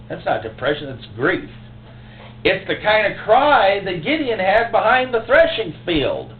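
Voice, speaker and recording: A man preaching a sermon as pastor, emotional and impassioned, with sudden loud outbursts. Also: high-pitched, huge pitch swings, measured pace. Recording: echoey, tinny phone-like recording with faint hum.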